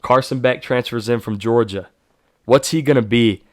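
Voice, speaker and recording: A man's voice: medium pitch, moderate pace, no echo, clean studio sound. A man hosting his own sports show, giving casual, self-correcting predictions and hyping players. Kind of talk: solo sports prediction talk.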